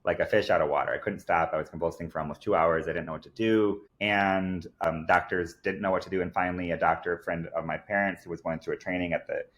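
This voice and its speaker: Deep-voiced yet fairly bright, this man talks fast with a steady tone and hardly any pauses. As a podcast guest, he recounts a personal story earnestly and emphatically, peppering it with "like" and "I kid you not."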